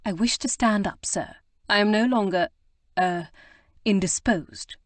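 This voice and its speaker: A woman's voice: medium pitch, a little slow, dry recording, natural voice. Woman doing a prim, indignant young lady. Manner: indignant, emphatic and proper.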